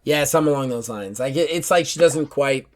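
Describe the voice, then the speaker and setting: A man's voice: mid-range voice, brisk. A man narrating as game master of a tabletop game, explaining in a loose, casual way. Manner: casual, explains with lots of likes.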